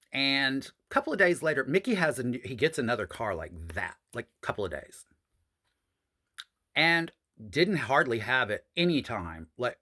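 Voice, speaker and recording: A man telling a story from his own past in a casual, profane monologue, calling his viewers honey and y'all. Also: sharp tone. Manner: jumps high in pitch for emphasis.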